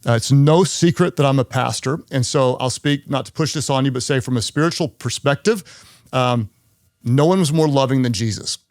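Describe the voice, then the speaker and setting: A man's voice: medium pitch, normal speed, a little mellow, dry recording, studio quality. A man who is a pastor, hosting a leadership podcast in an earnest way and repeating key phrases for emphasis.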